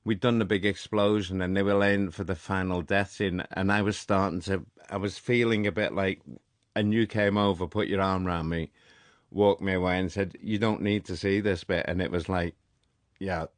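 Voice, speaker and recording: A man's voice: deep voice, moderate pace, no room sound. An older man with a Liverpool accent telling stories in a casual radio conversation, acting out what people said. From Liverpool, England. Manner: animated storyteller, acts out quoted exchanges. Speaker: interviewer.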